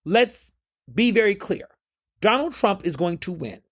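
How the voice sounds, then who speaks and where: A man's voice: high-pitched, a little slow. A man hosting a podcast, delivering a fiery, profane political monologue. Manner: fiery, profane, lively and emphatic. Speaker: podcast host.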